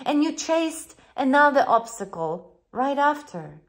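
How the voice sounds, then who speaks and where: A woman's voice: high voice, sing-song, unhurried. A woman life coach, speaking English as a second language, giving an earnest, encouraging motivational talk straight to her viewers. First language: not English. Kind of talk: motivational monologue to camera.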